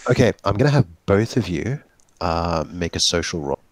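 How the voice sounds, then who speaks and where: Deep-voiced man running a tabletop game. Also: lively intonation, moderate pace, no room sound. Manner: explanatory, wry, laughs at his players. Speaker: game master. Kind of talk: running a tabletop role-playing game over a call.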